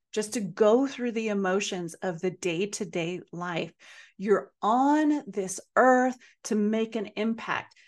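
A woman hosting a podcast, telling a personal story in an earnest, emphatic way and repeating phrases for effect. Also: mid-range voice. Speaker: podcast host.

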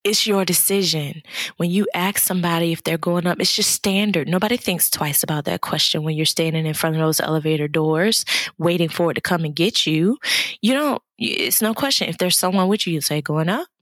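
A lower-pitched woman with a husky tone gives an exuberant motivational talk, sounding like a podcast host. Her voice is close and dry, with no room sound. She talks in a preachy way and keeps calling the listener baby. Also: fairly quick, fairly bright tone, no room sound. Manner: exuberant, preachy, pet names like baby and child. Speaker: podcast host and life coach.

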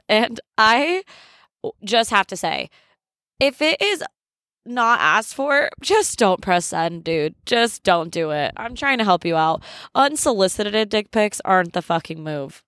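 A woman's voice: medium pitch, expressive, unhurried, fairly bright tone, dry recording, clean studio sound. A young woman hosting a podcast in a candid, casual chat, laughing often and swearing freely. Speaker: podcast host.

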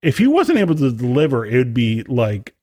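A man's voice: medium pitch, huge pitch swings, brisk, mellow, husky, dry recording, clean studio sound. A man co-hosting a podcast, chatting casually and rambling with lots of fillers and restarts. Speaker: podcast co-host, brass musician. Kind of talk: casual chat.

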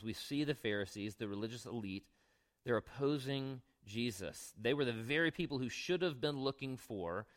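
In a low-ish voice, a young pastor preaches casually, moving between Bible passages, side comments, and questions put to the people in the pews.

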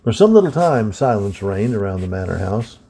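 Gravelly man reading an adventure story. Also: lowish voice. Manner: steady, measured narration with voiced dialogue. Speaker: storybook reader. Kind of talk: reading a historical adventure novel aloud.

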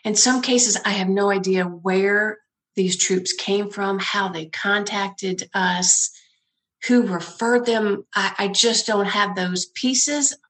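A woman's voice: medium pitch, fairly even intonation, takes it slowly, a bit bright. A woman who founded a nonprofit, telling her story in a conversational interview, laughing often and acting out the people she quotes.

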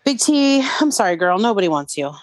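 A young adult woman co-hosting a podcast, reacting in short, quick remarks during casual chat. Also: medium pitch, sing-song, no room sound. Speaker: podcast co-host.

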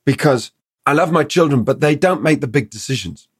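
A middle-aged dog trainer on a podcast explains his ideas in a husky, fairly high voice at a fairly quick pace. He's an animated storyteller who acts out little quotes from dogs and their owners. The studio sound is clean, with no echo.

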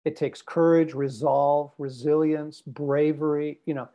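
A man's voice: fairly high pitch, little pitch movement, measured pace, warm tone. A man speaking as a podcast guest, emphatic and repetitive with a preacher-like drive. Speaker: guest speaker on men's development. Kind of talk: podcast conversation.

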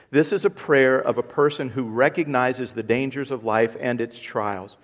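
A man's voice: mid-range voice, normal speed, few pauses. A man, a pastor, preaching an earnest sermon who repeats key points and rises in volume for emphasis.

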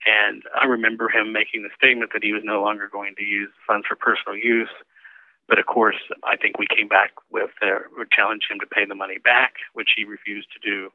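A man's voice: on the low side, little pitch movement, brisk, dry recording. A man, a former campaign manager, recalling events in a conversational interview with fillers. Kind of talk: interview recollection. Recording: tinny phone line.

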